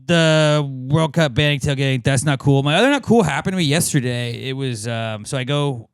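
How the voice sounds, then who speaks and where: A man in his thirties with a smooth, resonant voice rambles through a story on a podcast, swearing freely and leaning on filler words. The sound is dry and close, with no room around it. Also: mid-range voice, normal speed, dry recording. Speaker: podcast co-host. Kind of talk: casual podcast chat.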